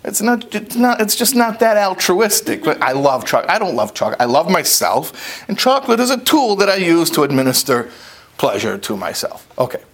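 A man giving a conversational lecture, telling a parable in an animated, plain-spoken way. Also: high voice, a little fast. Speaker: speaker. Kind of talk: storytelling lecture.

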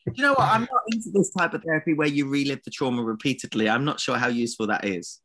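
A man's voice: mid-range voice, expressive, fast, a bit bright. A man co-hosting a podcast, bantering casually with a playful, teasing manner. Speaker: podcast co-host.

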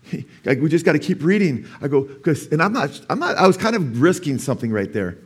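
A male pastor giving a sermon, telling a story in an animated way and rising to emphatic preaching, with calls of "amen?" to the congregation. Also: a little high, a little fast, husky. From California.

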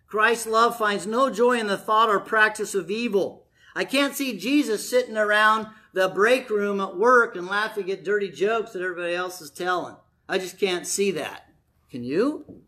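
A man's voice: sits high, bright, forceful tone. A man preaching a conversational sermon to his congregation, telling stories and acting out quoted voices.

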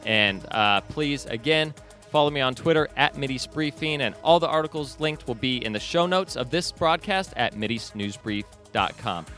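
A man's voice: mid-range voice, animated, moderate pace, a bit bright, faint music behind. A man hosting a news commentary podcast, reading book passages aloud with his own asides. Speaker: podcast host.

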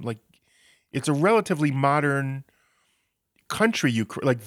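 A male podcast host talking in a loose, chatty way, often restarting his sentences. His voice is mid-pitched and sits close to the mic in a dry, dead room. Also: dry recording. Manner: chatty, storytelling, many restarts. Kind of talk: casual podcast conversation.

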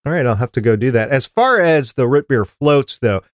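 Lively-voiced podcast host, a man. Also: mid-range voice, normal speed, no room sound, studio quality. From Minnesota. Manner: chatty, rambling. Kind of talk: casual podcast chat.

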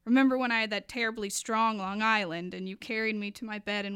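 A woman's voice: mid-range voice, steady tone, fast talker, clear, resonant tone, dry recording, clean studio sound. Woman performing intense spoken word poetry. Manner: dramatic, building from hushed to impassioned.

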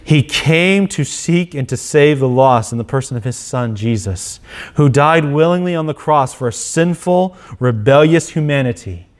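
A man's voice: a little high, animated, moderate pace. A male pastor preaching an earnest sermon, often repeating and restarting his phrases.

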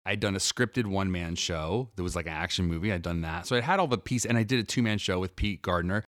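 A man with a lowish voice talks through improv in a relaxed podcast chat. He is animated and jumps into quick character voices to show his examples. The sound is dry and close to the mic. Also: no echo. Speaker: improv teacher and guest. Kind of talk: casual podcast conversation.

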